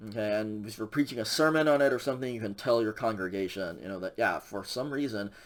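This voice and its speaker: A man's voice: fairly low pitch, quick pace. A man teaching a recorded Greek grammar lecture in a casual way, with many fillers and frequent checks with the class. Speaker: Greek instructor.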